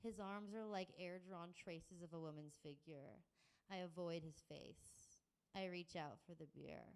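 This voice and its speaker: A woman giving a measured, deliberate first-person literary reading. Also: on the low side, fairly even intonation, clean tone. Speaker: reader.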